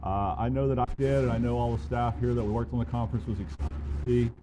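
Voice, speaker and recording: A man's voice: mid-range voice, steady tone, fast, warm tone, slight background noise, low-quality recording. A man with an Alabama accent giving casual, self-deprecating opening remarks at a conference, with many fillers. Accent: Southern US, Alabama. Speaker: conference organizer. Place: conference room. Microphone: handheld or podium mic, cutting out.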